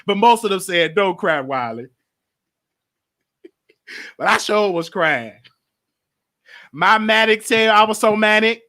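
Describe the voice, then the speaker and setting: A man's voice: high-pitched, steady tone, measured pace, sharp tone. A man hosting his own show, talking in a rambling, emotional, repetitive way about his feelings and his mental health. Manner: emotional, rambling, repeats himself. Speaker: host. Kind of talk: casual monologue.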